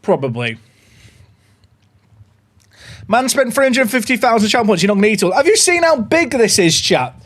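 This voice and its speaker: A young man hosting a casual livestream, chatty and excitable as he talks to his viewers. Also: high-pitched, fast. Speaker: livestream host.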